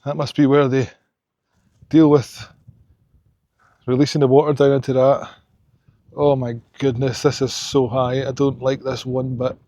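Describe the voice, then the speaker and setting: A man's voice: mid-range voice, little pitch movement, unhurried, pauses often, warm tone, no echo, studio quality. A young Scottish man chatting as he hikes outdoors in the mountains, rambling and opinionated. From Scotland. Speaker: hiking vlogger. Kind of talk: casual vlog chat on a walk.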